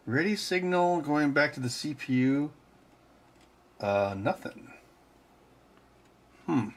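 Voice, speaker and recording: Guy talking slow to himself while fixing stuff at his bench, voice bounces around a lot. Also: fairly high pitch, expressive. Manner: teasing his cat in a silly voice between tasks. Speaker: host. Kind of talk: muttering to himself while repairing electronics.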